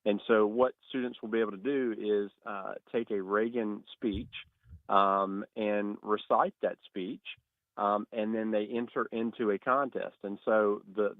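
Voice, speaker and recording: A man speaks with a low voice over a tinny, narrow-sounding phone line, with a dry sound. He is a state education official taking questions in a radio interview. He talks in a steady, measured way with frequent "uh" and "um" fillers. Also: no echo. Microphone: phone call.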